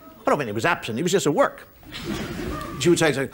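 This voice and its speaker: A man's voice: on the high side, sing-song, quick pace, long pauses, fairly bright tone. A man doing a stand-up routine on stage, ranting through incredulous rhetorical questions. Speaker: stand-up comedian. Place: comedy stage before a live audience. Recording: live audience laughter, noisy room.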